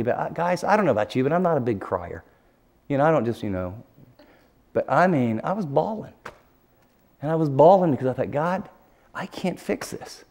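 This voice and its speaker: A middle-aged man preaching a sermon, earnest and confessional, dropping to a hushed near-whisper at emotional moments. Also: fairly high pitch.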